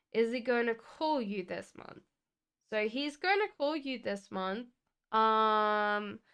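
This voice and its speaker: Young woman, tarot reader, live stream, chatty, reassuring, unhurried, very clear smooth voice. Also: fairly high pitch, fairly bright tone. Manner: chatty, reassuring, answers viewers by name; hums while shuffling cards. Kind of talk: casual live-stream card reading.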